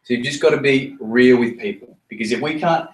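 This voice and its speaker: A man's voice: mid-range voice, a little fast. Blunt, swearing man, roomy and distant. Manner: swears freely, repeats himself, straight-talking. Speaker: team leader running a meeting. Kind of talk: blunt motivational talk.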